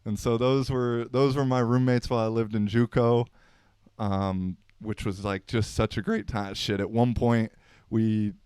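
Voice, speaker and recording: A man's voice: medium pitch, fairly even intonation, measured pace, darkish tone, smooth, no room sound, clean studio sound. A man in his thirties hosting a podcast, telling unscripted stories in a laid-back, slangy, rambling way. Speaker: podcast host. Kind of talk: unscripted casual storytelling.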